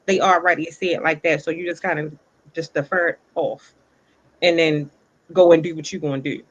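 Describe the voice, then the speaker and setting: A woman's voice: low voice, fairly even intonation, normal speed. A woman co-hosting a casual chat, making her points thoughtfully and step by step. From the Bronx, New York. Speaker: co-host. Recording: dull lo-fi sound.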